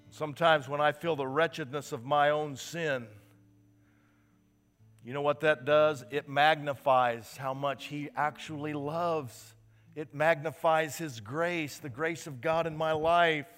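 A man preaching a fervent sermon in a fairly high voice, leaning hard on repeated words for emphasis. His voice rings out with a long reverb through a church sanctuary, while a guitar plays softly underneath. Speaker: pastor. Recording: reverberant hall with soft guitar.

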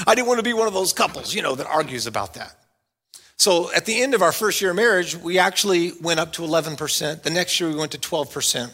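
A middle-aged pastor preaching to his congregation in a high, bright voice. He is animated, moving from loud, playful bursts to quiet, earnest points. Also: fast talker. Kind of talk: sermon.

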